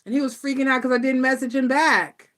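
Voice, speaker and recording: A middle-aged woman hosting a live tarot stream, chatting casually and telling stories in a blunt, animated way. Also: high-pitched, a little fast. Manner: animated storytelling, blunt and laughing. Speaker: tarot reader host.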